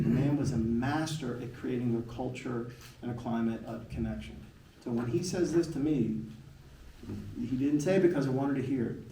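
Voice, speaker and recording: A middle-aged man gives a live presentation as a motivational speaker, talking in an animated, emphatic way with lots of rhetorical questions. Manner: animated and emphatic, with big swings in pitch and frequent rhetorical questions. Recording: echoey, distant hall sound with faint noise.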